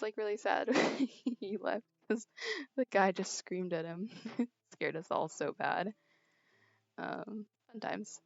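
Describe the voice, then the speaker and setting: A woman's voice: mid-range voice, creaky, no echo. A teenage girl chatting and telling a rambling story while she plays a game, giggling often, on a small earbud mic. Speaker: streamer. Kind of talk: casual chat while gaming. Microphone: earbud headset mic. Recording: dry, dull lo-fi earbud mic.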